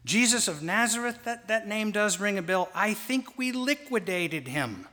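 Bright-voiced preacher in a reverberant church. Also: male voice, sits high, animated, normal speed. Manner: dramatic, mocking impressions with call-and-response. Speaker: pastor. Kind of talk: sermon. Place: church sanctuary. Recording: long reverb of a large church.

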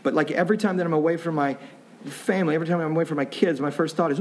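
A man's voice: fairly high pitch, steady tone, very fast, a little mellow. A middle-aged man preaching a sermon as a pastor, in a conversational way with restarts and joking asides. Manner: conversational, self-interrupting, jokey asides.

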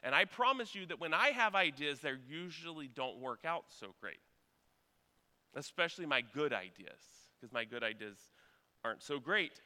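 Bright-voiced preacher in a church. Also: male voice, on the high side, lively intonation, moderate pace, big-room sound. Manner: earnest storytelling, rising to urgent exhortation. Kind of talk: sermon.

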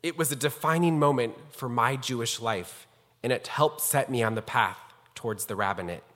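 A man's voice: medium pitch, normal speed, a bit bright. A rabbi speaking formally and earnestly as he introduces a guest scholar, telling a personal story. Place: synagogue sanctuary. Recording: long hall reverb.

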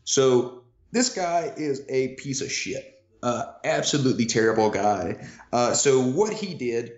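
A man co-hosting a casual history podcast, talking loosely with many fillers and the odd swear word. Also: medium pitch. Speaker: podcast co-host. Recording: roomy lo-fi audio.

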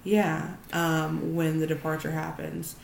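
A woman's voice: low-pitched, monotone, slow, vocal fry. A woman co-hosting a podcast in casual chat, recapping animatedly and swearing casually. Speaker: podcast co-host. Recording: echoey room with faint noise.

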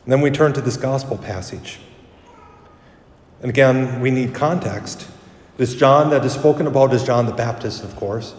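In a church, a priest speaks at normal speed with a mid-range voice, giving a chatty homily. He self-corrects along the way and brightens when quoting others, with the echoey room recorded from some distance.

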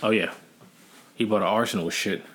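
Laid-back low-voiced man, short replies. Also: a little fast, a bit bright, a little hiss or hum. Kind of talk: casual chat.

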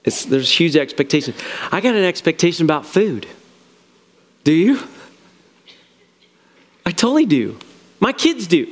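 A middle-aged male pastor with a notably high voice preaches a sermon in a relaxed, conversational way. He acts out the lines of the people he quotes, swinging between casual asides and emphatic points. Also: a little slow, pauses often, big-room sound.

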